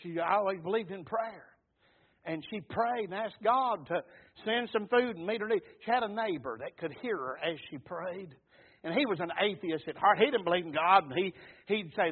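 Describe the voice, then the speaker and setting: A man's voice: high voice, moderate pace, slightly rough. A man, preaching a sermon in a fervent, folksy storytelling way. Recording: tinny phone-like sound.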